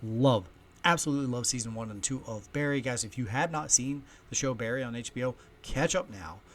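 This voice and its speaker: A man hosting a casual solo podcast from home, chatty and storytelling, with loudness that swings often. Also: medium pitch, brisk, slight background noise. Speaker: podcast host. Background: faint ambience of heating and kids upstairs.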